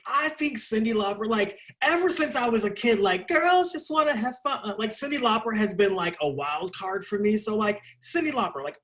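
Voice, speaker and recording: A young man with a higher-than-usual voice talks through his answers in a relaxed interview. He rambles, circles back and fills pauses as he goes, with an animated, conversational flow. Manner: animated, rambling, lots of fillers like "like". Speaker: interview guest, stage performer.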